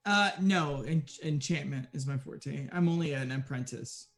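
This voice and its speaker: A man's voice: on the high side, normal speed. A man playing in a tabletop game, giving short, matter-of-fact answers. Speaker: player.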